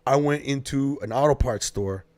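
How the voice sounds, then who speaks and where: A man's voice: mid-range voice, moderate pace, no room sound. A man telling stories in a casual podcast chat, swearing freely and acting out what people said. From Detroit. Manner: animated, swears often, acts out quotes. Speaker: podcast guest, comedian.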